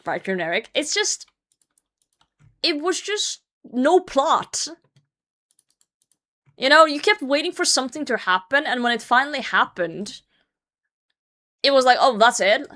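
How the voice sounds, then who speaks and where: A woman's voice: high voice, very animated, sharp tone. Chatty ranting woman streamer. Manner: chatty, rambling, quick to rant and swear. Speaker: livestream host. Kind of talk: casual chat with viewers while gaming.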